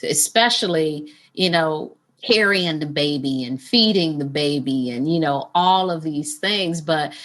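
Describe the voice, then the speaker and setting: A woman's voice: low-pitched, a little slow, hardly any pauses. A woman author speaking as an interview guest, candid and earnest, with emphatic phrasing.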